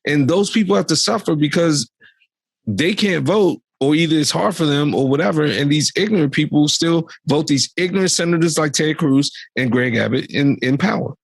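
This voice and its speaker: A man's voice: a little high, moderate pace, creaky, husky, no echo. A young adult man co-hosting a podcast, ranting animatedly about politics in exasperated casual commentary. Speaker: podcast co-host.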